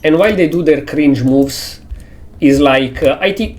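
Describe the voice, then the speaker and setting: A man's voice: mid-range voice, moderate pace, a little mellow. A man, a streamer talking casually to his chat in an exasperated, heavily swearing rant.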